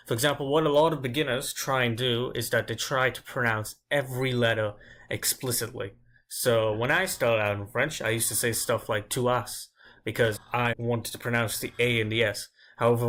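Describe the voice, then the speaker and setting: A man teaching grammar as a language teacher, explaining step by step and slowing down to drill each example word. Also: mid-range voice, fairly bright tone. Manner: slow, deliberate drilling of example words.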